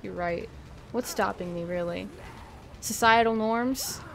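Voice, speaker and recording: A young adult woman streams a game live, chatting casually, giggling and swearing freely, and laughing often. Her voice is medium-pitched and gravelly at a measured pace, with a little hiss or hum in the audio.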